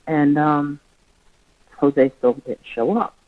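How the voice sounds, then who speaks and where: A woman's voice: low-pitched, fairly even intonation, takes it slowly, phone-quality sound. A woman telling a long personal story as a podcast guest, in a rambling way full of "you know" fillers. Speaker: guest, relative of the missing child's mother. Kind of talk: conversational storytelling.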